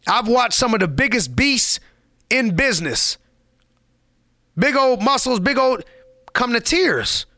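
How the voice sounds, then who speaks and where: A man's voice: high voice, gravelly, bright, forceful tone, dry recording, studio quality. A man giving a motivational podcast monologue, preachy and emphatic, repeating lines for effect in casual street slang.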